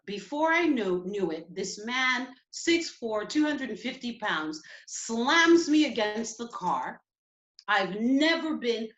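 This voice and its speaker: A woman telling a personal story at a community event, emotional and halting. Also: on the high side, expressive, a bit bright, roomy sound.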